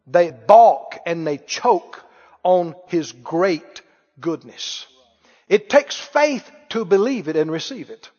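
A man with a high voice preaches a folksy, joking sermon. His delivery carries a long, ringing reverb from a church hall. The recording sounds dull and lo-fi. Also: expressive, slow, darkish tone. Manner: folksy, joking, mimics critics with mock wails.

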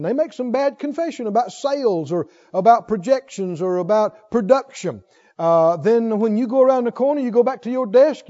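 Male preacher, emphatic sermon, very high voice, lively swings in pitch. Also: in a large hall, dull audio. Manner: emphatic, swings between loud declarations and quiet reasoning.

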